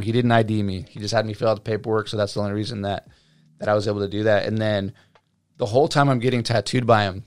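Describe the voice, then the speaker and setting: Lively storytelling man, low voice. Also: dry recording. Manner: animated storyteller, acts out quotes, many fillers. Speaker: guest, tattoo artist. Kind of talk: casual storytelling interview.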